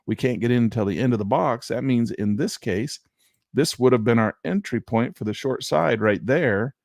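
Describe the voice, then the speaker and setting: A man's voice: medium pitch, moderate pace, creaky, darkish tone, no room sound, studio quality. A man teaching chart trading on a screen share, talking emphatically with rhetorical asides. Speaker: trading instructor.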